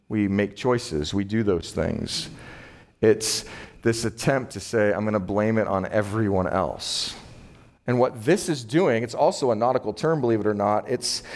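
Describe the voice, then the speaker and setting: A middle-aged man preaching a sermon in a relaxed, conversational way, acting out everyday exchanges. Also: medium pitch. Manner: conversational, acts out quoted exchanges with laughs. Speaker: pastor.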